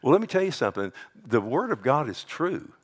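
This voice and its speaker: Animated preaching man. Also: a little fast, husky. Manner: animated preaching, mimics scoffers in a high mocking voice. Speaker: pastor. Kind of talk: sermon.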